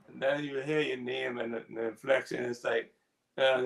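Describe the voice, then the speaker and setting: Gravelly, laid-back man with a chuckle. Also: mid-range voice, unhurried, poor audio. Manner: relaxed, laughs often, reads out chat comments. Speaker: co-host of a ministry talk. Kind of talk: casual spiritual discussion.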